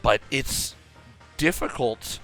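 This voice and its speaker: A young man coaching a player over a call in a casual, animated way, often acting out his own thoughts aloud. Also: medium pitch, slow pace, faint music behind.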